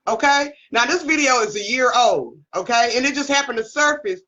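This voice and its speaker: Woman co-host, bright and animated, lo-fi remote audio, chatty and laughing. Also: fairly high pitch, fairly quick. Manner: laughs a lot, keeps asking "okay?". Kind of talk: casual commentary chat.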